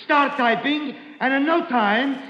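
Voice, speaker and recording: A man playing a comic sidekick in a 1940s radio comedy, firing off deadpan one-liners. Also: very high-pitched, unhurried, slight background noise, exaggerated voice. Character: wisecracking comic man called Russian, middle-aged. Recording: dull 1940s radio broadcast with hall echo.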